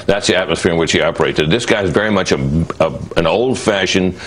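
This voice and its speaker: A man with a very deep voice offering political commentary. He speaks in a measured way, pausing and searching for words as he goes. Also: fairly bright tone, a little hiss or hum. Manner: measured, hesitant, with fillers. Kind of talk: deliberate commentary.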